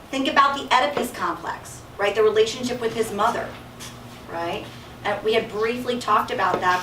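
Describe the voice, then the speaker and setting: Chatty drama teacher in an echoey room. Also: female voice, on the high side. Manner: lively, often checks with "right?", laughs with students. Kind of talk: classroom feedback and discussion. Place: classroom. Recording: echoey room, distant mic, faint hiss.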